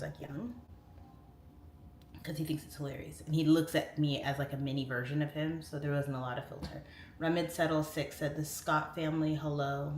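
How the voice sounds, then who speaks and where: A woman in her late thirties hosting a casual livestream, reading viewer comments aloud and chatting on tangents with laughs. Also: low-pitched. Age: 30s. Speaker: livestream host. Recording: roomy echo, faint room noise.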